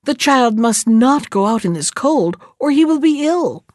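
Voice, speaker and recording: A woman puts on a scheming mother in a storybook tale, her voice climbing high and shrill as she scolds. The sound is dry and close, with the pitch leaping about. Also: big pitch swings, a little slow, dry recording. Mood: scolding.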